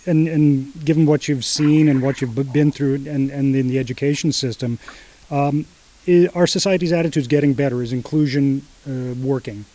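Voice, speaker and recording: A man's voice: mid-range voice, fairly even intonation, normal speed, dark tone. A man hosting a podcast interview who affirms his guest often with short agreeing replies. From Canada. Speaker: podcast host.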